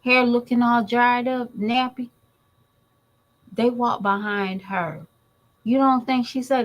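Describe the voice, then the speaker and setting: A woman's voice: fairly high pitch, fairly even intonation, slow, long pauses, lo-fi sound. A woman and mother giving blunt, emphatic commentary in a vlog, talking straight to her viewers.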